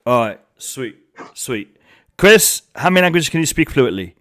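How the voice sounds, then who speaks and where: A man's voice: medium pitch, very animated, normal speed, fairly bright tone. A man hosting a casual group chat on a live stream, chatty and laughing, often repeating himself. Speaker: stream host.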